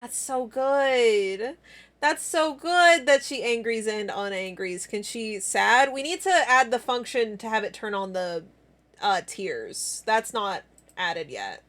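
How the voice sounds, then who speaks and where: A woman's voice: fairly high pitch, animated, takes it slowly, fairly bright tone. A young woman live-streaming in casual chat, giggly and playful, bursting into squeals and laughter.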